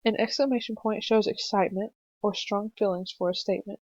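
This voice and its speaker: A young woman narrating a screencast punctuation lesson for children, explaining slowly and patiently with some fillers. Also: mid-range voice, steady tone, a little mellow, no echo. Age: young adult. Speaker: student teacher presenting a lesson. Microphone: computer mic for a screencast. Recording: dry, slightly dull home mic recording.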